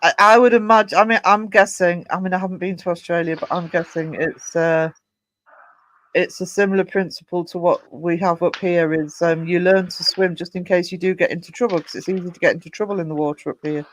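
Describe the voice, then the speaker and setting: A man's voice: high voice, steady tone, a little fast, a bit bright. A British man chatting casually on a late-night livestream, reading out viewer comments with frequent restarts. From United Kingdom. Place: home at night.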